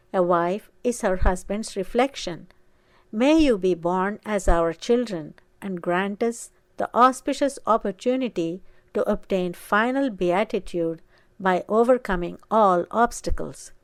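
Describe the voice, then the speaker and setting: A woman reading aloud voices the devoted, saintly wife of an ancient sage, speaking slowly and emphatically. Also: mid-range voice, no room sound, natural voice. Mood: gentle. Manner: solemn, slow and emphatic.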